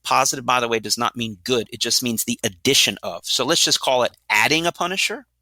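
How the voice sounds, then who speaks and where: A middle-aged man who trains dogs explains his methods in an energetic, blunt way and often poses rhetorical questions. His voice is keen and very bright at a medium pitch. The sound is dry and close. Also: a little fast, no room sound. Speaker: dog trainer, guest. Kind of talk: explanatory interview talk.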